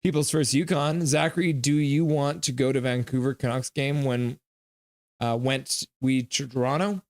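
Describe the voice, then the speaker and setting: A man's voice: mid-range voice, fairly even intonation, normal speed, no room sound, studio quality. A man streaming a live hockey game reaction, reading chat messages aloud and teasing viewers in a playful, jokey way.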